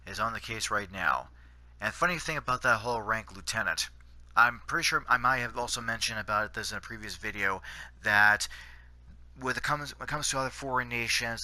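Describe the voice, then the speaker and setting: A man's voice: mid-range voice, pushed and bright, dry recording. Rambling Canadian man doing game commentary. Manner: rambling, many fillers and restarts. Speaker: gaming channel host. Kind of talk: gameplay commentary.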